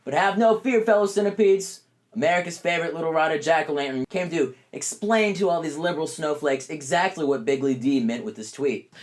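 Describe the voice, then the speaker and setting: A man hosting a satirical news show, ranting in a loud, mocking, profane way. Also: fairly high pitch, brisk. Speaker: comedy news host.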